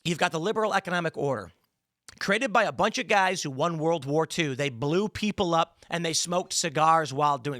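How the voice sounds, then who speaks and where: Bright, punchy male political commentator. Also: on the high side, lively intonation, normal speed, no room sound, studio quality. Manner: emphatic, rambling, sarcastic asides.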